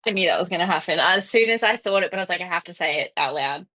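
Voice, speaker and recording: A woman's voice: fairly low pitch, expressive, rapid-fire, pushed and bright. A young woman as a client on a coaching call, hesitant and full of fillers. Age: young adult.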